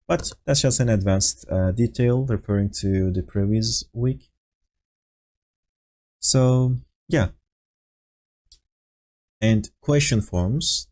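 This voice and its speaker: Teaching a language lesson by Discord voice call, a Turkish teacher explains patiently, leans on fillers, and acts out example phrases. His voice is on the low side and dark in tone.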